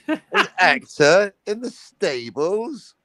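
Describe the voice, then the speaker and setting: A man voicing a pompous, blustering upper-class English gentleman. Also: sits high, wildly swooping pitch, drawn-out words, voice pushed up, heavily acted. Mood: scandalized.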